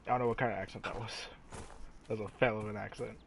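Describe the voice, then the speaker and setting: A man's voice: on the low side, fairly even intonation, fast, gravelly, slight background noise. Man joking through his gameplay. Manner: playful, rambling, self-mocking. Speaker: gaming channel host. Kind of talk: joking let's-play commentary.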